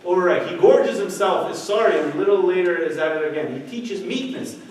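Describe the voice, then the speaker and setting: A middle-aged man gives a conversational church youth talk, often checking in with his listeners. His fairly high voice comes from a distance in a very echoey hall with faint noise underneath. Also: lively intonation, fairly quick, a little mellow. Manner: conversational, keeps asking "okay?". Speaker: youth speaker. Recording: echoey room, voice from far off.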